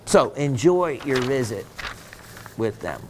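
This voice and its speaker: A man's voice: mid-range voice, very animated, takes it slowly, a little hiss or hum. A man hosting a gem shopping show, chatting casually and reading viewer messages aloud, with plenty of ums and uhs.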